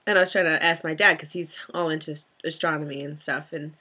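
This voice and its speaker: A young woman telling a story in a casual vlog, giggly and excitable, rambling with many restarts. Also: low voice, fast, slightly rough. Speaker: vlogger.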